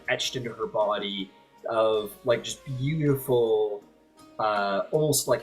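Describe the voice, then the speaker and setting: Rambling man running a tabletop game. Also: mid-range voice. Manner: rambling, filler-heavy description. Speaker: game master.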